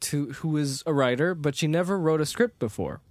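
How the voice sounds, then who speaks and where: A man with a fairly high voice co-hosts a casual podcast chat, winding through a story with restarts and quick laughs. His voice sounds dry and close, with no room echo. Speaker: podcast co-host.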